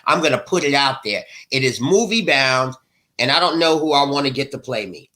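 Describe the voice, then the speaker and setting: A man's voice: medium pitch, animated, fairly quick, pushed and bright. A middle-aged man, an author being interviewed, speaking with passion in a preacher-like rhythm. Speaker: author guest. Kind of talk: emotional interview talk.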